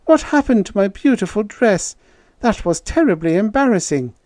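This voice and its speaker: In an audiobook story, a male narrator voices a sweet, dreamy young woman who sounds puzzled, raising his pitch above his own to a medium, near-everyday woman's register. The delivery is very animated, moderately paced and a little mellow, recorded clean in a studio with no echo.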